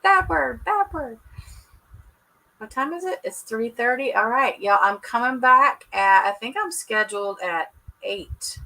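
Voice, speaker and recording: Bright-voiced chatty woman livestreaming. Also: on the high side, lively intonation, moderate pace, rough recording. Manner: chatty, laughs often, Southern "y'all". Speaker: livestream host. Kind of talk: casual livestream chat with viewers. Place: at home indoors. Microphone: computer webcam mic.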